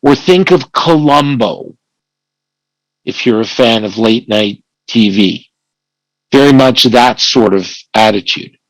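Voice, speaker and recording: A man's voice: mid-range voice, slow pace, no echo, poor audio. A man, an attorney, giving an online slide presentation who acts out quoted dialogue and corrects himself mid-sentence. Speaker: family law attorney presenting.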